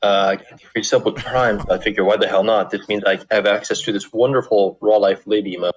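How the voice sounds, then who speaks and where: A man co-hosting a casual gaming stream, chatting in fast joking banter. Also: lowish voice, steady tone, faint music behind. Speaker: stream co-host.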